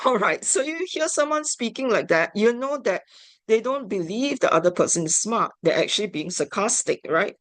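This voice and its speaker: A woman giving an instructional talk on family therapy, measured and deliberate. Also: mid-range voice, expressive, dry recording. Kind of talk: instructional lecture.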